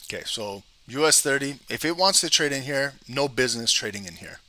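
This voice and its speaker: Male host, live market commentary, thinks aloud, crisp forward tone. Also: medium pitch, animated, brisk, sharp tone. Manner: thinks aloud while reading charts, lists price levels. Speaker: trading channel host.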